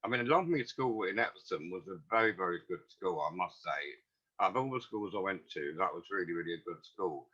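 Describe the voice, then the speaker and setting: A man's voice: low voice, animated, brisk, pushed and bright, slightly rough. A man, recalling the past as a guest in a rambling, earnest way. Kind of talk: casual storytelling. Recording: dull lo-fi audio.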